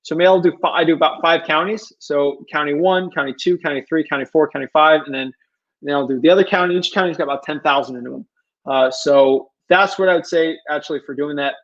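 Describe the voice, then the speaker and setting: A man hosting a live stream over a video call, speaking in a relaxed, casual way. His voice sits a little high. The audio is dull and lo-fi. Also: fast. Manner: casual, relaxed, apologetic about tech trouble. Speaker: host.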